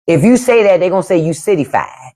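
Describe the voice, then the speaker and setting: A woman hosting a casual livestream chat with viewers, animated, laughing often and mimicking family speech. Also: on the low side, rapid-fire. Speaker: podcast host on a livestream.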